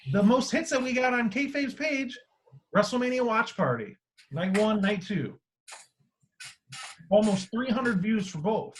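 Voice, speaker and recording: A man hosting a casual podcast, talking in an animated way with free swearing, his voice swinging between loud and quiet. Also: sits high. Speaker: podcast host.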